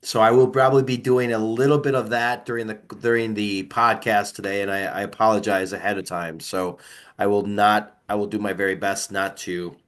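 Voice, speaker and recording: A man with a cold and a nasal, congested voice, hosting a podcast and reading upbeat sponsor pitches. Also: flat delivery, brisk, fairly bright tone. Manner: upbeat salesy pitch, clears throat. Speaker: podcast host and coach. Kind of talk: casual podcast talk with sponsor reads.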